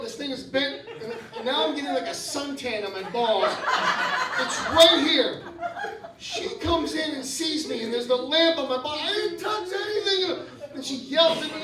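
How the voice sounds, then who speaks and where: Male comic, animated stand-up, echoey club recording from a distance. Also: very high voice. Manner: animated, talks to the crowd. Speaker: stand-up comedian. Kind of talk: stand-up storytelling. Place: comedy club. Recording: echoey club, distant mic, loud crowd.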